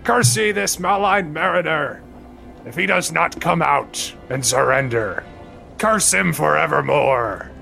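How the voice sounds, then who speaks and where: Man voicing theatrical bard, booming archaic curse, high ringing voice, gravelly edge. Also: animated, measured pace, bright, forceful tone, soft background music, heavily acted. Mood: bellowing. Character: theatrical male bard casting a sea curse.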